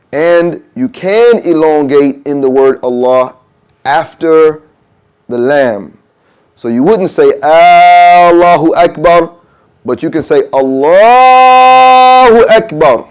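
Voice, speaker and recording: Slow-talking, clear-voiced male instructor. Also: on the high side, darkish tone. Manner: checks in often with "okay?", demonstrates pronunciations aloud. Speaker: adhan workshop instructor. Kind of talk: casual classroom teaching. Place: room of people at a mosque.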